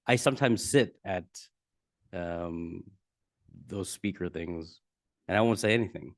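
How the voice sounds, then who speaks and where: A man co-hosting a casual comedy podcast, bantering in a relaxed, laid-back way and chuckling often. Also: low voice, a little slow, no echo, clean studio sound. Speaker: podcast co-host.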